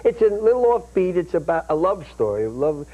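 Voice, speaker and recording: A man's voice: on the high side, sing-song, brisk, mellow, dull audio. An older man with a Bronx accent, a talk show guest telling rambling, jokey anecdotes. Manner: rambling, jokey, self-interrupting.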